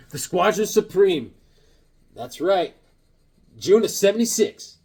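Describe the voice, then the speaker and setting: Male comic collector, husky, a bit high, animated; jokey show-and-tell delivery. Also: a little slow. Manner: jokey, excitable, with sudden loud exclamations. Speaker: comic book collector showing his books. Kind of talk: casual show-and-tell vlog.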